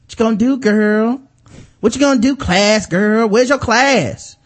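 A man's voice: high-pitched, a little slow, voice pushed up. A man putting on a taunting reality-show woman.

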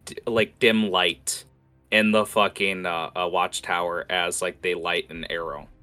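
Young guy gm, deep voice but bright, lots of "like" and "uh", swears casually. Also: fairly even intonation, a little slow, clear, resonant tone, soft background music. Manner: rambling, many fillers, casual swearing. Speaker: game master. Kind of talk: narrating a tabletop game.

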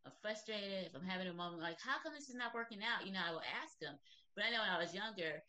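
A woman hosting a faith podcast, reflecting on her own experience and asking her guest follow-up questions in a calm, affirming way. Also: mid-range voice, fast. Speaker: podcast host. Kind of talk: casual faith interview.

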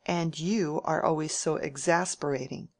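Woman reader voicing a blunt, dry-witted young woman from a period storybook, in a low voice. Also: steady tone, moderate pace, dry recording. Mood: dry, frank. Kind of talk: audiobook character reading.

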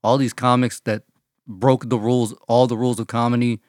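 A man's voice: mid-range voice, little pitch movement, a little fast, a little mellow, no echo, studio quality. A man co-hosting a podcast in casual chat, profane and joking, acting out quotes as he talks. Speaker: podcast co-host.

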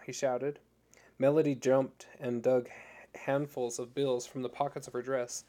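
A man narrates a novel chapter in a steady, scripted audiobook read. His voice is mellow and soft-edged, at a middle pitch. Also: normal speed, creaky.

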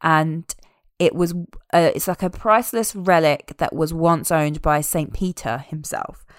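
A woman in casual chat, recapping a film with animated, wry asides. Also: low voice, unhurried, dry recording, clean studio sound.

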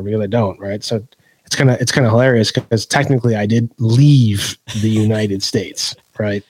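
Man, podcast guest, swears a lot, animated storyteller, dry close mic. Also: fairly low pitch, normal speed, slightly rough, dry recording. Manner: profane, laughing, animated storyteller. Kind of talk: casual podcast conversation.

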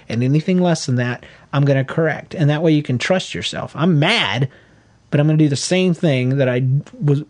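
A middle-aged man co-hosting a podcast, giving earnest, folksy parenting advice in casual chat. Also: on the high side. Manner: earnest, folksy, animated when acting out quotes. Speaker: podcast co-host.

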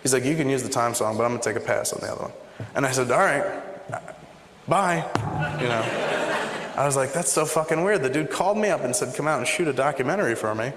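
A man's voice: medium pitch, quick pace, a little hiss or hum. Profane storytelling man in a roomy hall. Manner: animated, profane, acts out dialogue. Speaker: guest storyteller. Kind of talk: casual storytelling. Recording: roomy hall with faint ambience.

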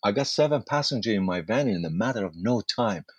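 Male guest, husky voice, animated storyteller, dry close sound. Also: fairly low pitch, fairly quick, dry recording, highs cut off. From Iran. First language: Farsi. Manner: animated anecdotes with acted-out dialogue. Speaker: interview guest, actor. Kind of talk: casual storytelling.

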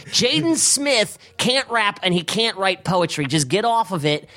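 Man, slightly high voice, excitable, casual podcast banter, swears a lot. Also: unhurried. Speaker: podcast co-host.

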